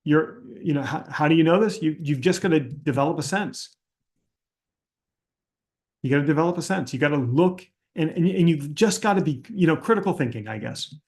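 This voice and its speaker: A man's voice: a little high, brisk, a little mellow. A man hosting a casual Q&A, talking bluntly and skeptically, thinking aloud with frequent restarts. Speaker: host answering audience questions. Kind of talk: casual Q&A livestream talk.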